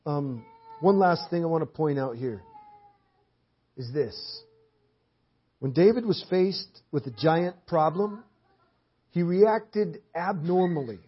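Preaching in a church hall, a man with a slightly high, breathy voice speaks slowly and animatedly, pausing often. He drives his message home with emphatic, repeated phrases. It's heard through dull, lo-fi sermon audio.

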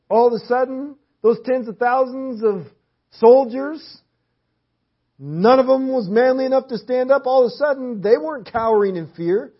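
A man's voice: high voice, slightly rough. A man preaching a sermon in a church hall, driving his points home with emphatic, repeated phrases. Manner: emphatic, repetitive preaching cadence. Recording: dull lo-fi sermon audio.

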